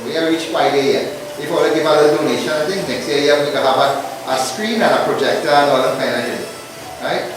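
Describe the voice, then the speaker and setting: A man's voice: fairly high pitch, fast talker, background noise. A male pundit giving a sermon, explaining in a step-by-step way with many rhetorical questions and chanting syllables in a sing-song way. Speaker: pundit preaching at a religious gathering. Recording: far from the mic, very echoey hall, music behind.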